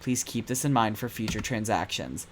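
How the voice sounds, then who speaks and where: A man's voice: fairly low pitch, normal speed, a little hiss or hum, lightly acted. A man voicing a cold, shadowy boss's letter in a formal, clipped, menacing tone. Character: cold, shadowy boss who signs with a number.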